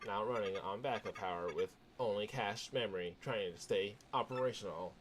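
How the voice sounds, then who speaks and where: A man voicing a polite fortress computer that speaks slowly and formally. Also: on the low side, slight background noise, voice pushed down, lightly acted. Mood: solemn. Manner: slow, flat and formal. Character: deep-voiced computer mind, calm, polite.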